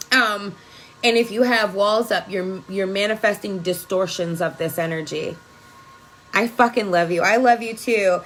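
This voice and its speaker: A woman's voice: mid-range voice, a bit bright, a little hiss or hum, rough recording. A woman energy worker giving an emphatic, profane spiritual pep talk on a phone live video.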